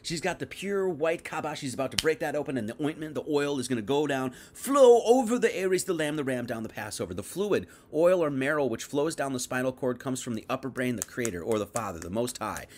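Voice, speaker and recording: A man teaching on a Bible passage in a livestream, chatty, dropping to quiet asides and then rising to emphatic bursts, reading verses aloud and paraphrasing them loosely. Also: medium pitch, a little hiss or hum. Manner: conversational, swings from quiet asides to emphatic outbursts. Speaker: preacher.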